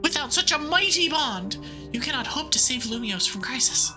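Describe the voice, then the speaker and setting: A woman's voice: high voice, expressive, normal speed, over music. A woman streamer giving casual, playful commentary while playing a game. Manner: chatty, playful, laughs easily.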